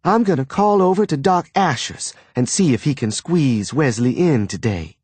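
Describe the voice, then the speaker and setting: A man voicing a bossy, gossiping middle-aged mother, in a sharp, domineering manner. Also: low voice, lively intonation, moderate pace, breathy edge, no room sound, voice pushed up.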